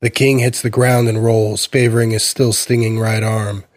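A man reads a short story aloud in a measured, even delivery. His voice sits on the low side. The sound is close and dry, with no room around it. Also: no echo. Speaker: narrator. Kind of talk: scripted fiction reading.

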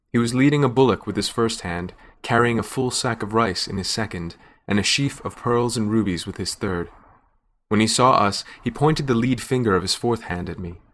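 Low-voiced male story narrator. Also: a bit bright. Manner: measured first-person storytelling. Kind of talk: scripted narration.

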